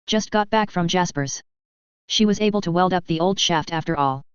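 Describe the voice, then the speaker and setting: A woman's voice: fairly low pitch, moderate pace, smooth, no room sound, lo-fi sound, lightly acted. A woman doing a teasing weathered old man. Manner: teasing, chuckling.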